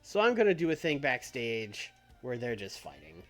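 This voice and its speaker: A man live-streaming a wrestling booking game in casual chat, thinking out loud, swearing easily and trailing off mid-sentence. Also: mid-range voice, big pitch swings, moderate pace. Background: faint background music.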